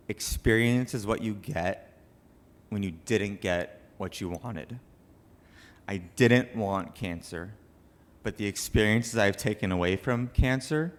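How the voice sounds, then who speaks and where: A young man with a low voice speaks to a banquet room full of people at a charity event. He tells his story as a cancer survivor, earnest and emotional. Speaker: cancer survivor giving a speech.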